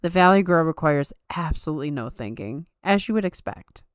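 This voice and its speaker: A woman's voice: deep voice, expressive, brisk, smooth, no room sound, clean studio sound. A woman hosting a casual live-stream chat, upbeat and chatty, reading comments aloud, tired late at night. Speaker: podcast host.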